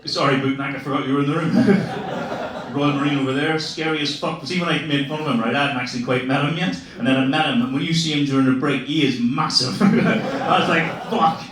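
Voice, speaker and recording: A man's voice: on the high side, fairly quick. An Irish man in his forties doing stand-up comedy, swearing freely and laughing as he teases the crowd. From Ireland. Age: 40s. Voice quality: profane, laughing banter. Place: comedy club, live audience. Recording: echoey club from a distance, crowd. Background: audience laughter.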